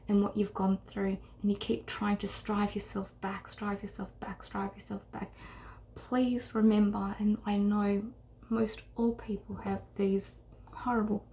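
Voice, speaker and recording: A middle-aged woman giving an intuitive tarot reading to camera, earnest and halting, often sinking into a whisper. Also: medium pitch, creaky, warm tone. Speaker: tarot reader.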